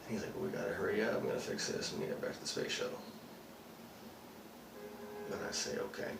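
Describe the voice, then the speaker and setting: A man's voice: low voice, sing-song, brisk, vocal fry, heavily acted. An actor playing a rattled male astronaut who rambles and swears as he recounts a UFO sighting. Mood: uneasy. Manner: rambling, profane, full of fillers. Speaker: actor performing a monologue. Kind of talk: dramatic monologue. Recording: roomy, distant mic, faint noise.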